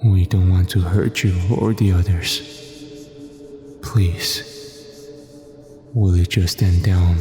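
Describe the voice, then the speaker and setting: A man voicing a ghostly female demon who pleads softly and slowly in a horror story reading. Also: deep voice, steady tone, big-room sound, soft background music. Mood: pleading.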